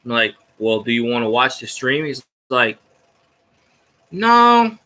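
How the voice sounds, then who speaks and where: A man's voice: mid-range voice, level tone, normal speed, sharp tone. Rowdy man ranting on stream. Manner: rowdy, profane, jokey fan ranting. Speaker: sports fan streamer. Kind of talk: casual rambling livestream chat.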